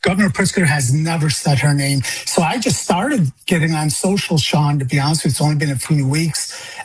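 A man's voice: on the high side, brisk, a little hiss or hum, rough recording. A man from Illinois, a grieving father and guest on a radio talk show, speaking heatedly with stumbling restarts and repeated words. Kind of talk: phone-in radio interview.

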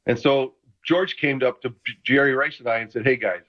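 Animated older man on a dull line. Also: mid-range voice, brisk. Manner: animated, enthusiastic anecdotes. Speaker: guest, retired football player. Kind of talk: casual chat, storytelling. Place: home room full of memorabilia.

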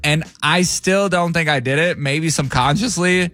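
A man's voice: fairly high pitch, unhurried, pushed and bright. A man in his thirties, a father, telling a story in casual chat, laughing often and acting out the voices of the people in it.

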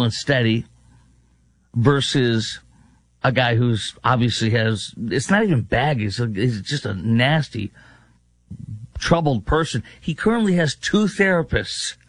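A man fills in as host of a political talk radio show, mocking and sarcastic as he stacks up rhetorical questions. His voice sits at a middling pitch. The studio sound is dry and close. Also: dry recording.

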